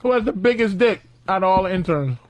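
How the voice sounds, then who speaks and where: A man's voice: high-pitched, lively intonation, quick pace, dry recording, rough recording. A man co-hosting a radio talk show, cracking crude jokes and laughing. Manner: wisecracking, laughing. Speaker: radio co-host.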